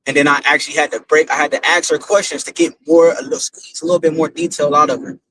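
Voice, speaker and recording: A man's voice: a little high, steady tone, fast, sharp tone, slight background noise, low-quality recording. A man, a father, telling a religious testimony in a casual, rambling, slangy way, repeating himself as he goes. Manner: rambling, repetitive, slangy storytelling.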